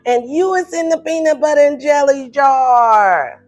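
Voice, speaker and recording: A woman giving a casual tarot reading, animated and blunt, who laughs often and acts out the listener's replies in playful higher tones. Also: unhurried. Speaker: tarot reader. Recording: faint music behind.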